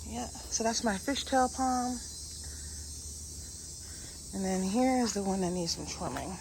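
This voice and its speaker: A woman's voice: medium pitch, animated, a little slow, vocal fry, a little mellow, slight background noise, poor audio. A woman vlogging at home, chatting and laughing with her viewers while sweaty from yard work. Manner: chatty, laughs often, talks to viewers as y'all. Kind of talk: casual chatty vlog. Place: at home, in the backyard and indoors.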